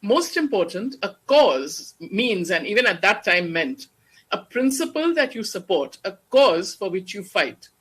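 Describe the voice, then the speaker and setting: A guest lecturer giving an academic lecture on poetry in a measured, explanatory way. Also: medium pitch, very animated, a bit bright, slightly rough. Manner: measured, explanatory, slows down to recite verse.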